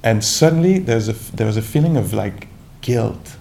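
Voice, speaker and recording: A man speaks as a meditation teacher, his voice gravelly and warm in tone. His talk is calm and reflective, full of pauses, restarts and gentle asides. A faint low rumble sits behind him. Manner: calm, reflective, searching with many restarts and "you know". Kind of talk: dharma talk.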